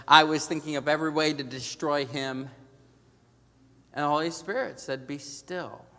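A middle-aged male pastor preaching a storytelling sermon, dropping to a hush and then rising to loud emphasis. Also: on the high side, steady tone, normal speed. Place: large church sanctuary. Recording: long reverb of a large church hall.

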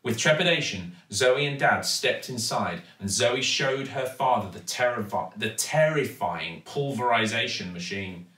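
A man with an English accent reading a children's storybook aloud with steady, expressive storytelling. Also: medium pitch, unhurried, few pauses, far from the mic. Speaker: actor reading a children's book. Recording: echoey room, voice from off-mic.

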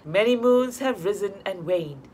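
A woman's voice: mid-range voice, animated, unhurried, darkish tone, slight background noise, natural voice. A woman reading an audiobook, voicing a stern, proud young mother who keeps to old ways. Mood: bitter.

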